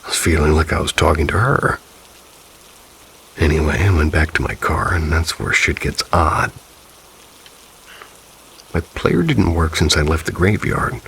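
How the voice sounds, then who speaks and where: A man with an extremely deep voice and a gravelly edge narrates in a calm, measured way. Faint hiss sits under the recording. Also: rough recording. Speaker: narrator of submitted ghost stories. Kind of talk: scripted narration.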